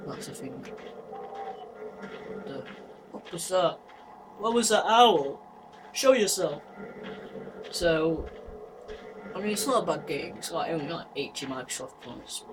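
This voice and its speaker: Jumpy young man yelling at a horror game. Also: a little high, lively intonation, a little slow, pauses often. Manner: jumpy, screaming and taunting. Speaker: gaming YouTuber. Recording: noisy home recording.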